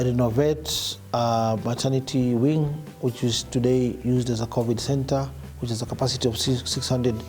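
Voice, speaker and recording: Man with halting, filler-filled speech. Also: mid-range voice, dark tone. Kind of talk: public speech on projects.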